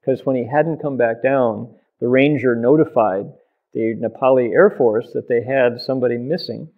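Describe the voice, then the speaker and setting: Storytelling man, animated, fills in sound effects; tinny narrow audio. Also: mid-range voice, moderate pace. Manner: lively, uses sound effects and acted quotes. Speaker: storyteller in an oral history interview.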